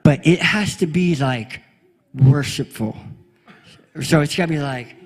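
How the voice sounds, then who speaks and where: A male pastor with a high voice talks to his congregation in a playful, energetic way. He leads them through a silly game and then settles into a chatty story. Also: a little slow. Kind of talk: lively sermon with audience game. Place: church sanctuary before a congregation.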